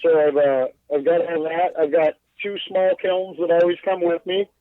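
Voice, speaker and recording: Calling from his bus, a guest glassblower chats in a casual podcast interview, loose and self-deprecating, swearing freely and stumbling over filler words. His voice sits on the higher side, with a steady tone and normal speed. The tinny phone line sounds thin and dry, with no room around it and no echo.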